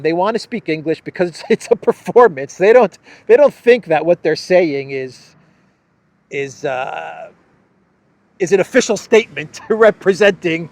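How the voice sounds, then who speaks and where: Guy with a slightly high voice doing casual news commentary, sarcastic, laughs a lot, lots of restarts. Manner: sardonic, chuckles often while talking; halting, many restarts. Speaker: host of a political commentary show.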